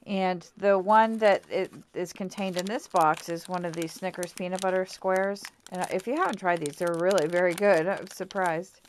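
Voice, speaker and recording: Woman, slightly low voice, casual crafting vlog, rambling, lots of ums, apologetic asides. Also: fairly even intonation, moderate pace, hardly any pauses, slight background noise. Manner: chatty and rambling, full of fillers and self-corrections. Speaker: craft vlogger.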